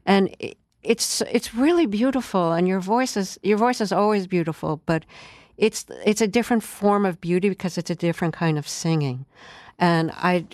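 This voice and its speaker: Interview host, smooth resonant voice, measured, informative, admiring, dry close recording. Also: medium pitch, no room sound. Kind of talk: radio-style interview, reading an introduction then asking questions.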